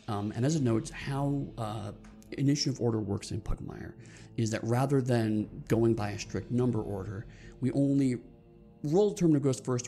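A gravelly-voiced man running a tabletop role-playing game. He narrates the action and explains the rules in a loose, rambling way, restarting his sentences, with faint music behind him. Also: mid-range voice, mellow. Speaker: game master.

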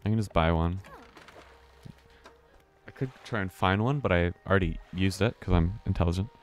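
A man's voice: low-pitched, moderate pace, a little hiss or hum. A man thinking aloud and swearing casually while live-streaming a video game.

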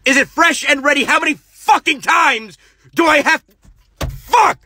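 A man voicing a hot-tempered film director who yells and swears on set. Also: measured pace, a little hiss or hum, exaggerated voice. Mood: furious. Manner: shrill, yelling, swearing.

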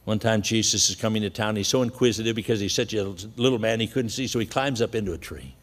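A man's voice: lowish voice, quick pace, in a large hall. A man preaching a sermon in a conversational storytelling way, chuckling now and then. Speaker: pastor.

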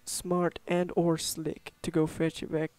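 A man voicing a gruff old western sheriff with a slow folksy drawl. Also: on the high side, completely flat delivery, a little mellow, no room sound, close to an everyday voice.

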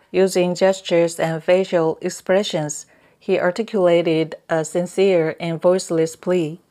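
A woman narrating an audiobook in a slow, measured reading voice. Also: lowish voice, a little mellow. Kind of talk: scripted narration.

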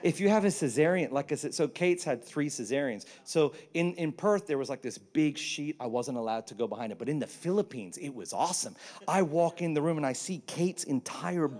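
Animated pastor with a raised pitch. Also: male voice, brisk. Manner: animated, humorous storytelling. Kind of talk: sermon.

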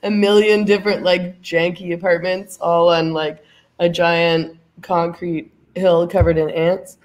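A woman's voice: fairly low pitch, little pitch movement, measured pace, darkish tone. A woman hosting a livestream in casual chat, congested from a cold, chatty and laughing often with many fillers. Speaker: livestream host.

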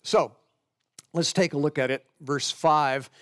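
A man's voice: on the high side, fairly even intonation, slow pace, fairly bright tone. A middle-aged man, a pastor, preaching a sermon and explaining scripture verse by verse in a conversational way.

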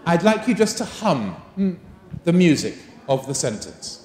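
A man's voice: fairly high pitch, moderate pace. A man running a live teacher-training workshop, coaxing the audience and firing questions at them. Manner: animated, coaxing, asks the room many questions. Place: large conference hall. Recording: roomy echo of a large hall.

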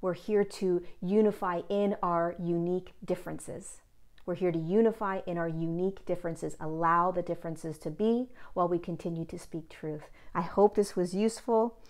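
A woman hosting her own channel, giving a spiritual self-help talk in an earnest, gently instructive way that often repeats key points. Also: on the low side, steady tone, moderate pace.

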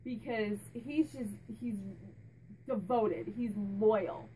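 A woman's voice: on the high side, slow, mellow, recorded from a distance, slight background noise, poor audio. A woman speaking as a medium, chatting casually and relaying what a spirit tells her, with many restarts and fillers. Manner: laughs and jokes with the spirit. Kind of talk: casual channeling talk to camera.

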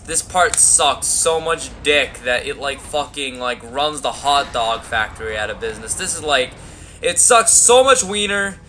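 A man's voice: mid-range voice, pushed and bright, slight background noise. A young man giving rambling, crude, profanity-heavy commentary over a video game playthrough. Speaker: gameplay commentator. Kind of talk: let's play commentary.

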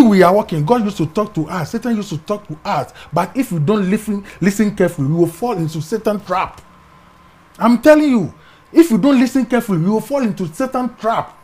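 High-voiced Ghanaian man telling a story. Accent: Ghanaian English. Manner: animated, acts out voices in his story, often dropping to a hush. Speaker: interview guest. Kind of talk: personal testimony storytelling.

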